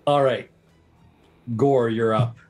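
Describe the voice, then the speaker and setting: A man's voice: medium pitch, steady tone, slow pace, darkish tone, faint music behind. A man running a tabletop game as game master, chatty and teasing the players while he explains rules.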